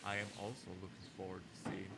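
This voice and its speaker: A man voicing a cool young male student, answering in a low, quick, dry way. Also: monotone, creaky, heavy background noise.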